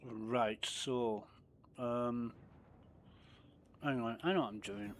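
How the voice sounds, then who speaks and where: A man's voice: mid-range voice, slow pace, a little hiss or hum. A man streaming a space game, chatting casually, swearing freely and muttering asides under his breath. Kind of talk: casual gameplay commentary.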